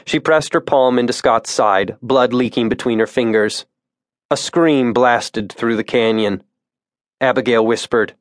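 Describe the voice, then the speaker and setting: Tense, measured male audiobook narrator. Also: medium pitch, no echo, studio quality. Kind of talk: scripted narration. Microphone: close studio mic.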